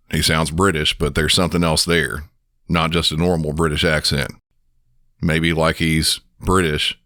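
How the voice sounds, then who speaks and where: A man hosting a podcast, a dispatcher narrating a case in a measured, serious way. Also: a bass voice, fairly bright tone, dry recording, studio quality. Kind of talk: scripted narration.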